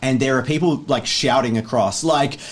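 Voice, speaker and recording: A man narrating a tabletop game as game master, in an animated, chatty way full of filler words. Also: medium pitch, normal speed.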